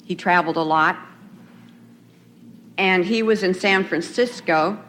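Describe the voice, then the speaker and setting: A woman's voice: fairly low pitch, measured pace, fairly bright tone. A middle-aged woman sharing her recovery story at a retreat, telling it in a loose conversational way with frequent laughs. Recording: faint noisy 1990s tape recording.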